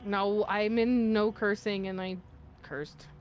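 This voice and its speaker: A woman's voice: medium pitch, level tone, takes it slowly, soft background music. A woman streaming a video game, talking casually and swearing freely as she reacts to the play. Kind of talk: casual gameplay chat.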